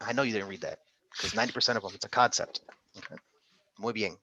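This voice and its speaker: A man's voice: on the low side, fast talker, sharp tone, no room sound. A man tutoring an interactive online medical exam class, upbeat and coaxing, calling on students by name.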